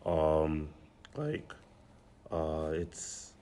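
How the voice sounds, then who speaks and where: A man hosting a podcast, responding to his guests in a reflective, measured way with frequent ums. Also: extremely low pitch, sing-song, warm tone, clear, resonant tone. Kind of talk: casual podcast discussion.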